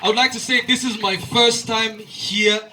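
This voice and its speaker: A man's voice: high voice, fairly even intonation, moderate pace. A man from Burundi and Rwanda opening a stand-up set, thanking the crowd effusively. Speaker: stand-up comedian. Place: bar comedy night with audience. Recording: from a distance with clear bar noise.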